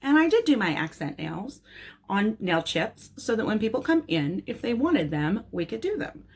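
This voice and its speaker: Woman, nail technician, casual chatty haul talk, blunt, plain mid pitch. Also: big pitch swings, moderate pace, darkish tone, slightly rough.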